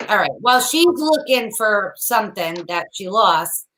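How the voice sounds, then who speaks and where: A woman's voice: medium pitch, animated, a little slow, noisy background. A woman co-hosting a casual chat show, easygoing and teasing. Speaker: podcast co-host.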